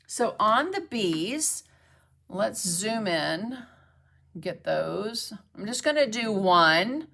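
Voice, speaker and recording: A woman's voice: medium pitch, sing-song, very slow, creaky, a bit bright. A woman teaching a painting demonstration on a live stream. She chats to viewers as she works and keeps checking in with them. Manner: chatty, talks to viewers while painting, checks in with "okay?"; greets and thanks commenters mid-demo. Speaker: mixed media art instructor.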